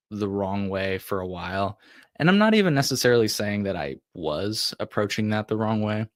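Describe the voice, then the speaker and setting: A man's voice: on the low side, a bit bright, dry recording. A male podcast host telling a personal story in a casual, rambling way, full of "like" and restarts. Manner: rambling, heavy use of "like", frequent restarts.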